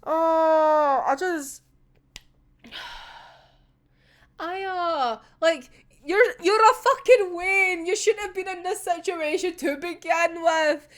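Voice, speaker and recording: A young woman with a high voice gives an excited, casual reaction to a manga chapter. She swears freely and breaks into laughter often. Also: slow pace, long pauses.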